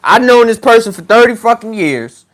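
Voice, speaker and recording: A man telling a story in a casual, animated way, swearing and laughing as he goes. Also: very high-pitched, normal speed. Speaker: podcast host, regression practitioner.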